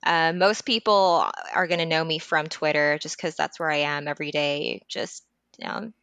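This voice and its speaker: A woman's voice: low voice, steady tone, moderate pace, vocal fry, fairly bright tone, clear, resonant tone, no room sound. A woman from Texas with a light Texan accent, chatting casually as a podcast guest in a laid-back, self-mocking way. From Texas, USA. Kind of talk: casual chat.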